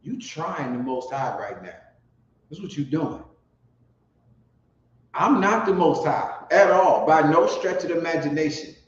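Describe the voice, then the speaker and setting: Fired-up, cussing street preacher; expressive, higher male voice in a very echoey, lo-fi room. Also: unhurried, pauses often. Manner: profane, fiery, swings from mutters to shouts. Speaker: street preacher teaching scripture. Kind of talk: street sermon with scripture reading. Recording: roomy dull lo-fi recording with faint noise.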